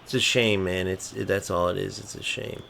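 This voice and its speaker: A man's voice: low voice, fairly even intonation, moderate pace, creaky, bright, forceful tone, a little hiss or hum. A man ranting angrily and swearing freely while commenting on his own football video game match, mocking opponents and muttering between outbursts. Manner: angry, profane, swings between mocking and muttering. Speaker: gaming streamer. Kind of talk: ranting live gameplay commentary.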